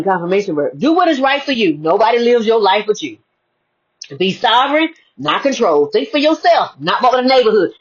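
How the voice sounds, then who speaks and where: This spiritual speaker, a woman, offers a preachy motivational talk in a casual style, asking one rhetorical question after another. She has a mid-range, slightly rough voice, heard through a dull lo-fi recording.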